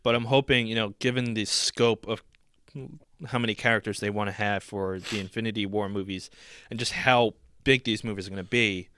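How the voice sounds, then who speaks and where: A man's voice: lowish voice, brisk, clear, resonant tone, no echo, studio quality. A man co-hosting a podcast, chatting casually with lots of fillers. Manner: relaxed, filler-heavy. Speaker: podcast co-host. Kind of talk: casual chat.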